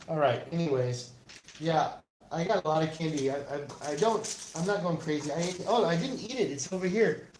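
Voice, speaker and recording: A man's voice: fairly high pitch, darkish tone, slight background noise. Rambling man on a phone livestream. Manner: rambling, answers viewer comments aloud. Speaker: livestream host. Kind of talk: casual livestream chat.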